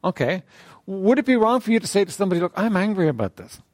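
A man leading a church group in a conversational talk on faith, asking questions of the group and often clearing his throat. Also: high-pitched, very animated, quick pace, darkish tone, dry recording, clean studio sound.

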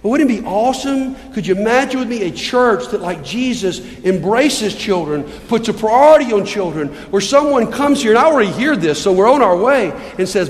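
A man preaches from the pulpit with a high, earnest voice, pleading with his congregation through rhetorical questions. His words ring out with a long reverb that fills the church hall. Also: animated, brisk. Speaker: pastor. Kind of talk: sermon. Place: church sanctuary.

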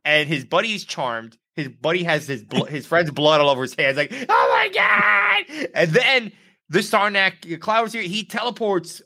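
Podcast co-host, male, bright and punchy, tells stories animatedly. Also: a little high, moderate pace. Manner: animated storyteller, acts out quotes. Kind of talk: casual gaming podcast chat.

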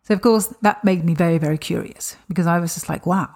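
A woman's voice: fairly low pitch, fast talker, a little mellow. A woman hosting a podcast, telling her own story in a reflective, earnest way, often repeating words and adding "you know". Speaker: podcast host. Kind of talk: personal storytelling monologue.

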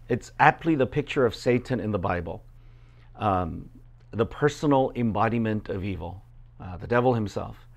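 Conversational preacher man, filler-heavy. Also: mid-range voice. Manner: conversational, many fillers, acts out quoted voices. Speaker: pastor. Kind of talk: sermon with scripture reading.

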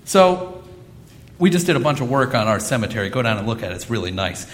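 A man's voice: mid-range voice, sing-song, fast talker. A man in his thirties preaching a sermon, earnest and repeating phrases for emphasis. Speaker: pastor.

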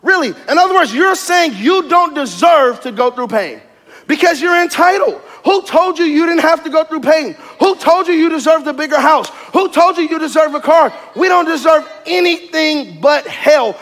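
High-voiced man preaching loudly in a hall. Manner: loud, animated, joking and emphatic preaching. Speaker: pastor. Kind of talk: sermon. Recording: long reverb of a large hall.

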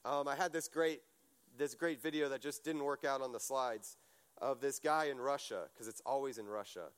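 A man preaching a casual sermon, telling stories in a chatty, animated way, full of fillers and restarts. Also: mid-range voice, moderate pace, clear, resonant tone.

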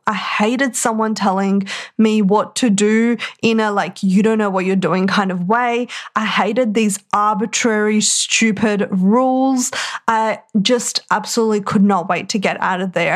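A woman talking in a casual, chatty way to her audience as a business coach, emphatic and full of "like". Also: medium pitch. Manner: chatty, heavy use of "like", emphatic. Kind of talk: casual motivational monologue.

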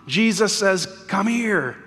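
A man's voice: high-pitched, expressive, slow, a bit bright. A man preaching a sermon in a church as pastor, earnest and emphatic, repeating key words for weight. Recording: long reverb of a church hall.

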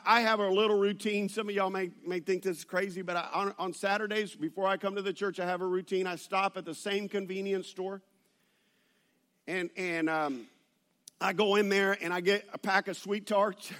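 Bright, high-voiced pastor preaching. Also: male voice. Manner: animated storytelling with laughs and restarts. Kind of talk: sermon. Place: church.

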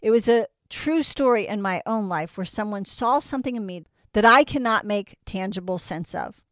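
A woman's voice: medium pitch, expressive, normal speed, no echo, clean studio sound. A woman preaching a sermon in an earnest way, asking her listeners one rhetorical question after another.

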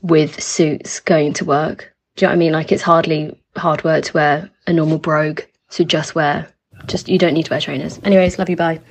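A woman's voice: low-pitched, steady tone, normal speed, breathy edge. A woman leaving a chatty voice note listing her pet peeves, a little nervous. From England.

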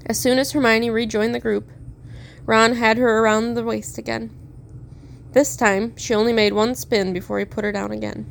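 A woman narrating a story aloud in a steady, measured reading. Her voice sits fairly high, with a faint hiss underneath. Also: creaky. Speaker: fan fiction reader.

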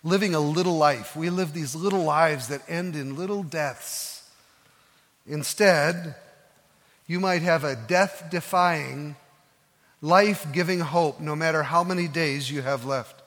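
Male pastor, sermon, earnest storyteller with slow soft emphases, high voice, church reverb. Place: church sanctuary.

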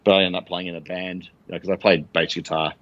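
A man's voice: sits low, fast, dry recording, highs cut off. A middle-aged Australian man telling rambling stories in a casual interview, acting out quoted lines. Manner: rambling, animated anecdotes with acted-out quotes. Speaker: guest.

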